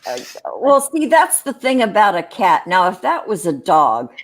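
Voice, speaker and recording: A woman hosting a relaxed online chat show, talking at a middling pitch. She rambles and restarts her sentences, chuckling as she goes. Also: slight background noise. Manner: rambling, restarts, quick laughs. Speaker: co-host of a livestream chat show. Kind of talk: casual chat.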